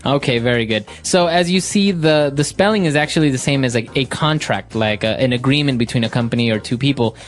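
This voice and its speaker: A man's voice: medium pitch, quick pace, few pauses. A man co-hosting an English lesson in an easygoing way, leading each segment. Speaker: English teacher.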